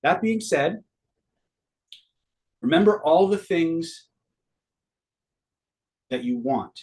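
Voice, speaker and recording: Brief: middle-aged male coach with a slightly high voice, loose and profane, checks in with his class. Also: animated, very slow, a little mellow. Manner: casual, swears freely, quizzes the audience. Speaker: online seminar teacher. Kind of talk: live online master class.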